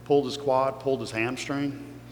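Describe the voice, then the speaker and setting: A guest speaker from Kentucky, with a Kentucky accent, gives an earnest, emotional motivational talk to an audience in a large hall. His mid-range voice has fairly even intonation at normal speed, and the recording is echoey with a faint hum.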